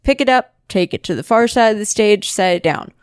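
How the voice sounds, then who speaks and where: Woman, co-host, casual chat, eager, lively voice, dead dry recording. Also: mid-range voice, clear, resonant tone, no room sound. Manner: eager, chiming in with quick agreement. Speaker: podcast co-host. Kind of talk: casual convention recap chat.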